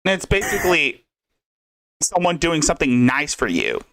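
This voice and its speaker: A man's voice: on the high side, big pitch swings, normal speed, creaky, fairly bright tone. A man hosting a casual commentary podcast, rambling and swearing loosely. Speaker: host.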